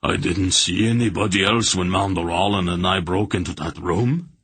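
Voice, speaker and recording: Burly blunt warrior, read by a man, low and husky, storybook narration. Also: normal speed, a bit bright, dry recording. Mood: winded. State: out of breath.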